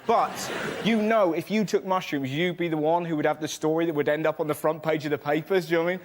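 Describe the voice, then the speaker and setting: A male comedian rattling quickly through a rambling stand-up anecdote on a panel show. His voice sits a bit high, with clear background noise behind him.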